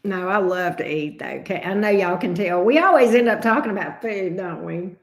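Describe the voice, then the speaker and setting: A woman's voice: medium pitch, normal speed. A woman hosting a casual livestream chat, answering viewers by name. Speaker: tarot reader hosting a livestream.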